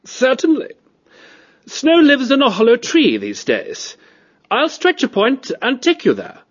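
A man narrating a storybook and voicing a cultured, disdainful male cat aristocrat with a high, reedy tenor voice. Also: huge pitch swings, a little slow, slightly rough, muffled recording, exaggerated voice. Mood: weary. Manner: fussy, disdainful, plummy.

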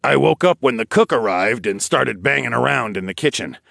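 A man voicing Darwin, a calm, practical adult man explaining plans in an audiobook. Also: mid-range voice, moderate pace, vocal fry, dry recording, studio quality, pitched above the performer's own voice, heavily acted. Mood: matter-of-fact. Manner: matter-of-fact, explaining plans.

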